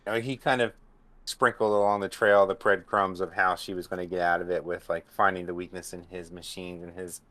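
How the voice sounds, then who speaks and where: Male panelist, loose casual talker with a somewhat low voice. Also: flat delivery, fairly quick, pushed and bright. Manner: rambling, heavy on fillers like "you know". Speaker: podcast panelist. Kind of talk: casual book discussion.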